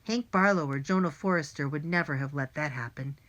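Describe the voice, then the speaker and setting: A woman with a fairly low voice reads a first-person children's adventure aloud. She tells it in a lively, plain and clear way, like a storyteller. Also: fairly quick. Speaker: audiobook narrator. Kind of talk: first-person audiobook narration.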